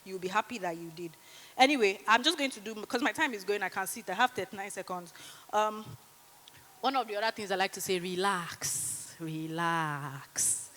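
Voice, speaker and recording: Speaking fast in a medium-pitched voice, the Nigerian conference speaker in her thirties gives a lively, chatty motivational talk, teasing the audience and guiding them through a breathing exercise. The large hall leaves a long reverb tail on her voice.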